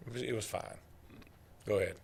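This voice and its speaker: A man's voice: on the low side, a little fast, gravelly, husky. A man co-hosting a casual sports talk radio show, arguing his picks and joking with the host.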